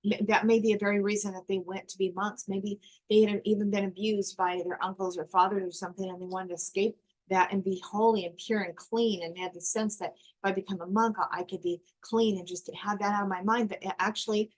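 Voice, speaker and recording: A woman co-hosting a casual chat, adding details and explaining in a calm way. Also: medium pitch, a little fast, low-quality recording. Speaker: co-host.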